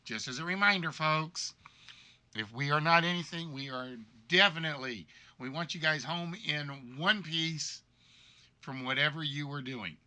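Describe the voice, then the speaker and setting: A man's voice, on the high side and moderate in pace, comes across bright and forceful. He hosts a game show livestream, chatting casually and rambling apologetically about being sick, his voice congested and worn by a cold.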